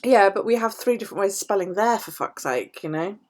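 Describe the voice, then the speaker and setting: A woman's voice: medium pitch, animated, a little fast, a little mellow. A British woman vlogger chatting casually to her viewers, swearing freely and laughing often. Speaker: planner vlogger. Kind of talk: casual chat to live viewers.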